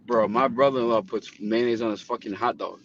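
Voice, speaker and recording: A man's voice: mid-range voice, fairly even intonation, a little fast. A man chatting as a guest on a live stream, laid-back and swearing casually. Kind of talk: casual chat. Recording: dull audio with faint noise.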